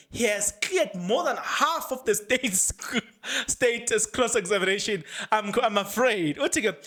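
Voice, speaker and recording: A South African man hosting a podcast, commenting excitedly on a court case with frequent laughter and Zulu phrases mixed into English. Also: extremely high pitch. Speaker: podcast host.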